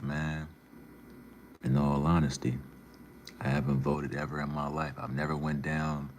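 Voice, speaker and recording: A man's voice: very deep voice, slight background noise. A man casually reading and answering his live chat, laid-back and slangy, calling viewers man and bro.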